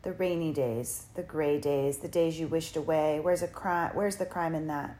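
A woman voicing a sinister ancient male spirit who steals time, speaking slowly with a rasping, coaxing menace in an audiobook. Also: low-pitched, mellow, close to an everyday voice. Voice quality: rasping, creaking. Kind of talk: audiobook character voice.

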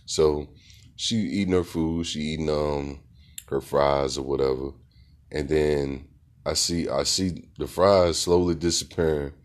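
Very deep-voiced man telling a story. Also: fairly even intonation, unhurried. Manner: laid-back, rambling, heavy with fillers. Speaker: podcast host. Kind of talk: casual storytelling monologue.

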